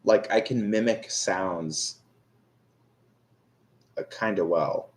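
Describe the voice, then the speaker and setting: A young man with a deep voice speaks at a slow pace, chatting casually with viewers as a tarot reader on a live stream. He rambles, mocks himself, and keeps using fillers and restarting sentences.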